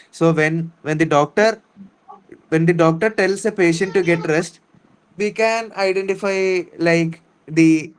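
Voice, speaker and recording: A man's voice: on the high side, rough recording. A man with an Indian English accent reading a story aloud in an online English lesson and explaining each word patiently, often repeating himself. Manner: explains words slowly and repeats, with restarts. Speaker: English teacher. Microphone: online class.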